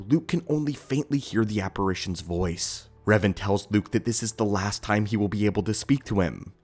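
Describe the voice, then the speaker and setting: A man narrating a scripted story in a steady, measured storytelling delivery as the channel's host. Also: on the low side.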